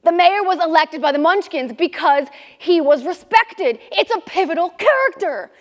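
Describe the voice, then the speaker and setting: A woman's voice: extremely high pitch, animated, moderate pace. A woman on stage voicing an earnest man, a summer camp drama director, in a reassuring tone. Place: live theater stage. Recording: reverberant hall.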